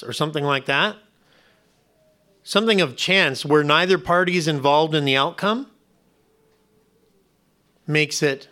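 Bright-voiced male pastor preaching. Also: a little high. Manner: conversational preaching with rhetorical questions and acted-out voices. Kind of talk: sermon.

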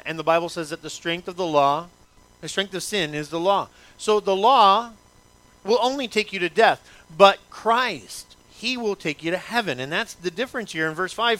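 Male pastor preaching, kinda high voice, keeps firing questions at the crowd. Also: normal speed, pushed and bright, dry recording. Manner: emphatic, repetitive, asks the congregation many rhetorical questions. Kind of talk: sermon.

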